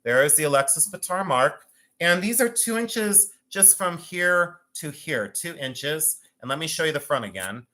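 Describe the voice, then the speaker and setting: A man hosting a live jewelry and art sale stream, talking in a chatty, excitable way with self-mocking banter from a room at home. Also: fairly high pitch, normal speed. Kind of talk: live-stream selling chat.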